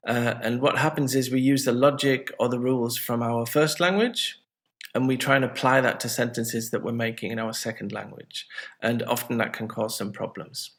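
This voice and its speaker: Gravelly-voiced male English teacher. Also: medium pitch. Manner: friendly, chatty, self-mocking asides. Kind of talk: casual video lesson.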